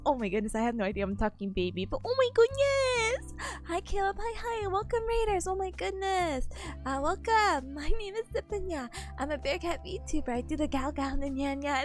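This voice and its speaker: Bubbly high-voiced young woman streamer. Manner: bubbly, giggly, greets chat warmly. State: slightly nasal, voice worn from a cold. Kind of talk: casual live-stream chat. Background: faint music.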